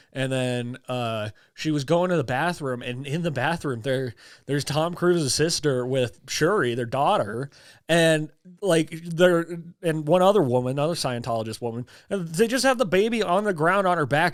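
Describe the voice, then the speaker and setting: Podcast guy, smooth clear voice, dry close mic, rambly and sweary. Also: on the high side, no echo. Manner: loose, profane storytelling with fillers. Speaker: podcast co-host. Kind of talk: casual chat.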